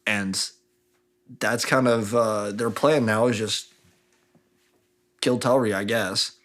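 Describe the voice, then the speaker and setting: A man's voice: lowish voice, steady tone, slow pace, fairly bright tone. A man hosting a podcast, casually recapping chapters of a novel in a loose, slangy, chatty way. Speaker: podcast host. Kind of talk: casual book-club recap.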